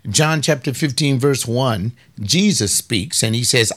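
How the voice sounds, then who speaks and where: A combative male preacher in his middle years, delivering a fiery sermon in a mid-pitched voice. He sounds scornful, firing off quick bursts and then slowing down to drag out key words. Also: fairly bright tone. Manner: combative, scornful, rapid bursts with drawn-out emphasis.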